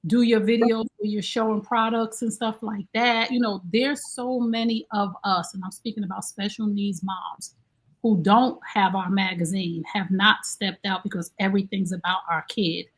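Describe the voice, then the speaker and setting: A woman hosting a podcast in casual chat, animated and slangy as she hypes up her guest. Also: medium pitch, moderate pace. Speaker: podcast host.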